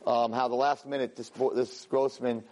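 A man teaching a weekly class, telling a story with lively energy, stumbling over and repeating words and acting out the characters' lines. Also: medium pitch, normal speed. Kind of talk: animated storytelling lesson.

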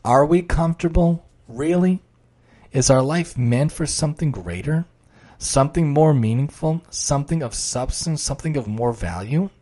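A man's voice: mid-range voice, animated, moderate pace, dark tone. A man giving a direct, emphatic motivational talk and reading stories aloud.

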